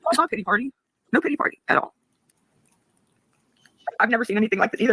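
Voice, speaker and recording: A livestreamer rattles off angry, profane replies to chat at a fast clip, asking viewers to send money. The voice sits in a middle range and sounds dry and close, with no room around it. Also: medium pitch, bright, forceful tone, slightly rough, dry recording, rough recording. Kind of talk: live stream talk to chat.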